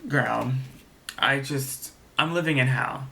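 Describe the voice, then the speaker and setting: A man's voice: medium pitch, takes it slowly, gravelly, bright, forceful tone. A young man telling a personal story in a vlog, rambling and indignant. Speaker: vlogger.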